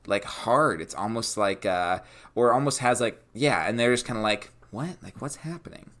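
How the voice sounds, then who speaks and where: An animated man trading game-master ideas on a home podcast mic. His voice is on the low side, and he keeps slipping into little acted-out bits to make his point. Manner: animated, acts out scenes in quick asides. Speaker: podcast co-host. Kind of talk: casual chat about tabletop games.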